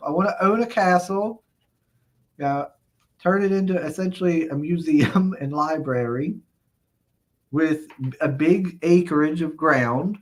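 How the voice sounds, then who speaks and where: This live stream host has a slightly high voice and keeps a measured pace. He reads the chat aloud, answers with rambling replies and frequent chuckles, and drops in lots of "uh, let's see."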